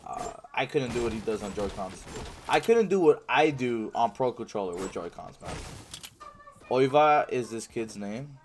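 A man's voice: mid-range voice, animated, moderate pace, a little hiss or hum. A male livestreamer casually reading viewer chat aloud and answering it while he plays, in a slangy way. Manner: reads viewer chat aloud and answers, slangy, says "bro" and "man" often.

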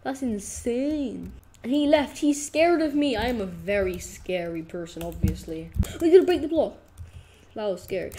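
A woman's voice: fairly high pitch, expressive, moderate pace, mellow. A young woman doing comedic gameplay commentary as a clueless newbie, gushing and overexcited, full of exclamations and panicky squeals. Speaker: gaming YouTuber.

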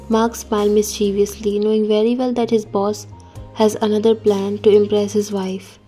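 A woman calmly narrating a fan fiction story aloud. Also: medium pitch, moderate pace, soft background music.

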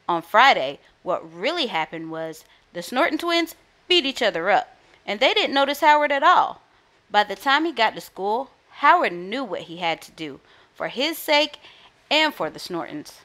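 A woman storyteller reading a children's book aloud in a lively, expressive way. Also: medium pitch.

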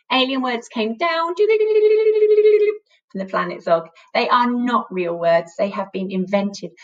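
A woman teaching a phonics lesson to young children, animated and sing-song, praising them often. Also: medium pitch, distant mic, highs cut off. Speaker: primary school teacher.

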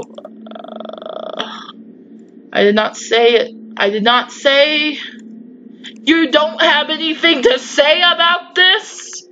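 A woman's voice: a little high, bright, forceful tone, muffled recording, slight background noise. A young woman playing a horror game, chatting, talking back to the game and shrieking and swearing at the scares. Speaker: gaming YouTuber. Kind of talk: let's play commentary.

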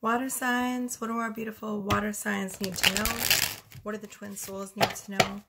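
A woman's voice: mid-range voice, little pitch movement, normal speed, very noisy. A woman giving a casual tarot reading, chatty and rambling, a little out of breath. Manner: chatty, rambling, self-correcting. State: slightly out of breath. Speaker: tarot reader.

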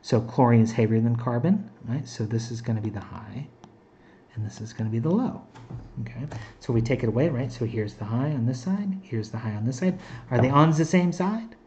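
A man talks through a chemistry lecture in a relaxed, mellow voice, often restarting his sentences and checking in with "right?" and "okay?". The recording sounds a little muffled. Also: medium pitch, a little fast. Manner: conversational, many fillers and restarts. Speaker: chemistry instructor.

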